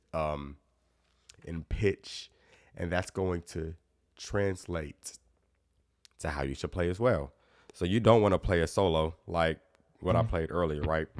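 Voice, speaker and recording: A man's voice: very deep voice, no room sound, clean studio sound. A man teaching guitar in a casual live Q&A, chatting easily and reading out viewer comments.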